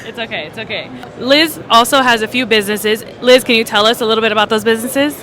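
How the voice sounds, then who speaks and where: A woman's voice: fairly high pitch, quick pace, a bit bright, some chatter behind. A woman host interviewing guests at a trade show in an upbeat, gushing way.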